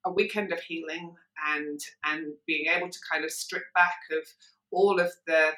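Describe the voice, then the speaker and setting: A woman's voice: sits low, fairly even intonation, normal speed, pushed and bright, echoey room, poor audio. A woman, a sobriety coach talking frankly and earnestly as a podcast guest. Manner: earnest, forthright, plain-spoken. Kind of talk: casual podcast conversation. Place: lives in Perth, Australia.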